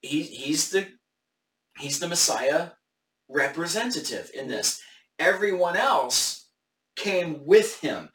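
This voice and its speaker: A man's voice: on the high side, lively intonation, slow pace, a bit bright, reverberant, recorded from a distance. A man hosting a casual Bible study discussion live on camera, thinking aloud with hesitant restarts.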